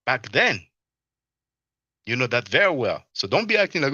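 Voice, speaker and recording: Animated man livestreaming, dull audio. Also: mid-range voice, normal speed, husky, no echo. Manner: animated, laughing, reading chat aloud and answering it. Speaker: livestream host. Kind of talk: casual livestream commentary.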